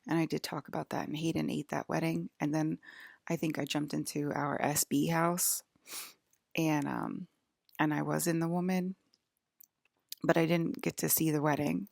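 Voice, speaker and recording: Anxious woman vlogger, low and heavily fried, wandering talk, dry close sound. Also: flat delivery, moderate pace, creaky, darkish tone, dry recording. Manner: hesitant, full of fillers and restarts. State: jittery and anxious. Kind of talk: rambling personal monologue.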